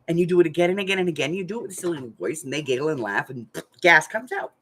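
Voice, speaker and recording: A woman's voice: deep voice, expressive, very fast, fairly bright tone, slight background noise. An older woman, a craft channel host, chatting frankly and laughing as she tells family stories. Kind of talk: casual storytelling chat.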